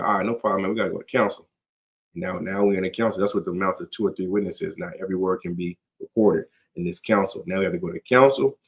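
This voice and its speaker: A man leading a scripture study in a loose, conversational way. His voice sits a little low, and he talks in slang, acting out bits of dialogue and checking in with his listeners. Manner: conversational, slangy, acts out dialogue, constant "you get what I'm saying". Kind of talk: casual scripture teaching.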